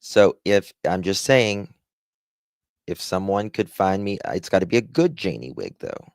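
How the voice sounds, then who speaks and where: A man's voice: low-pitched, sing-song, measured pace, darkish tone, no echo, studio quality. A man with a Southern accent hosting a casual live stream, rambling as he reads the chat aloud and thanks viewers. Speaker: livestream host.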